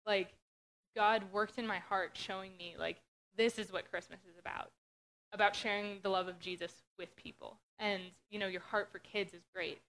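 A woman's voice: medium pitch, steady tone, normal speed, a bit bright. A young woman from Western Pennsylvania sharing her testimony in an earnest, conversational way with many fillers. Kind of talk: casual testimony talk.

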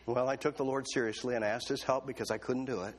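A male pastor preaching a sermon, telling a story with humor and lively, excited quotes of himself. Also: medium pitch, quick pace, slightly rough.

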